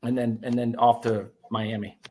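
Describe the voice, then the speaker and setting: A man telling his own story as an interview guest, animated and profane, with many restarts. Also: medium pitch, normal speed, a little hiss or hum.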